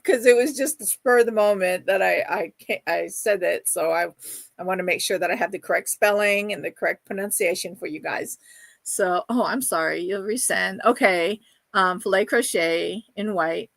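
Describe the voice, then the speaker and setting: A woman's voice: medium pitch, normal speed, vocal fry, fairly bright tone, no room sound. A middle-aged woman hosting a casual livestream, chatting and reading viewer comments aloud in a gushing, affectionate way. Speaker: livestream host.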